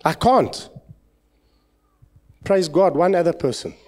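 An animated South African preacher takes it slowly through a fervent church sermon, alternating booming exclamations with low, quiet asides.

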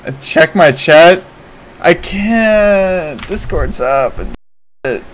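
A man giving live commentary while streaming a game, excitable and prone to swearing and sudden shouts. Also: fairly high pitch, extremely slow, a little hiss or hum, poor audio.

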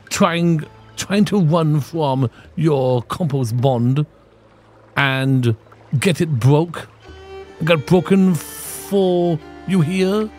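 A man's voice: fairly high pitch, voice pushed up, full character voice. A man doing a wry old ship captain. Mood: probing. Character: weathered male ship captain, seasoned and wry. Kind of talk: reading game dialogue aloud in character.

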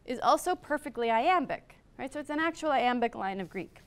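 A woman professor giving a public lecture on classics, partly read from a script, measured, with brief asides. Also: fairly high pitch, lively intonation, smooth. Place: lecture hall.

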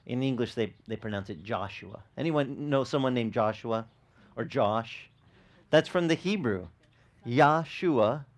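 Animated pastor preaching a casual sermon. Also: male voice, mid-range voice. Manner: animated, asks the congregation questions; repeats words as he restarts. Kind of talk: conversational sermon.

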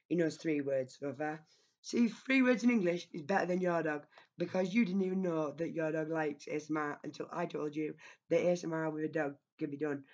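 Husky-voiced woman on a rambling rant. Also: fairly low pitch, a little mellow, highs cut off. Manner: rambling, scolding. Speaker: YouTuber. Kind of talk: casual vlog rant. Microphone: home microphone.

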